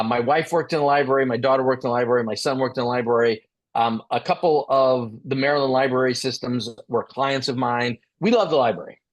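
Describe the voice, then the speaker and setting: Man telling a business story. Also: medium pitch. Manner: animated, repeats words while building a story. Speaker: guest speaker. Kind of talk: conversational storytelling.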